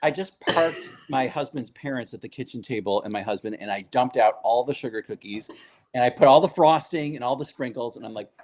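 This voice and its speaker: A man chatting as a guest on a video call, telling lively stories with lots of fillers and laughter. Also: medium pitch, brisk. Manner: animated storyteller, many fillers, laughs often. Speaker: guest, food writer and baker. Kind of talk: casual chat.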